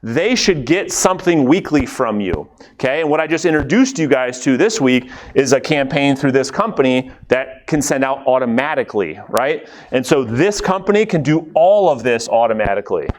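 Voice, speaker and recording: A man leading a live coaching session for real estate agents, energetic and conversational, checking in with the room and acting out quick bits of dialogue. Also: mid-range voice. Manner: acts out quick quoted dialogue.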